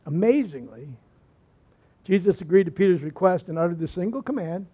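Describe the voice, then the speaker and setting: High-voiced man preaching a folksy sermon. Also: animated, brisk. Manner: folksy storytelling with repeated phrases and asides. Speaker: pastor. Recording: slightly muffled recording.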